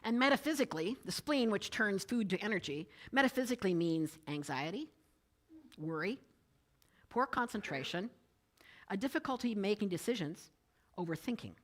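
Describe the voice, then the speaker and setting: Animated woman giving a talk. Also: medium pitch, moderate pace. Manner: storytelling, animated, quoting others in changed voices. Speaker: speaker giving a Sunday message. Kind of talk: conversational sermon with personal stories. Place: church sanctuary.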